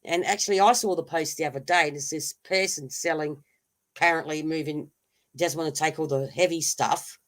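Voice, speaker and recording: A woman's voice: sits low, steady tone, fairly quick. A woman with an Australian accent hosting a casual live chat, telling a long story with many fillers and restarts. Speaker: host.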